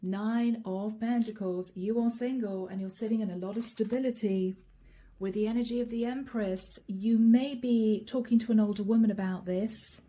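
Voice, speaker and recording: A woman giving a channeled tarot reading straight to her viewers, chatty and friendly, slowing down to name each card. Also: medium pitch, steady tone, warm tone. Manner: chatty, addresses viewers directly, slows to name cards. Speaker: tarot reader.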